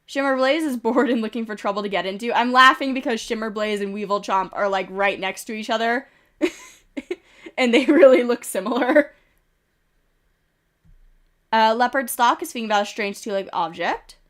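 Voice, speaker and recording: Speaking at a normal speed with frequent pauses, a slightly high-voiced streamer narrates game events into a desk mic. She's congested and coughing, yet keeps up casual chatter and giggling.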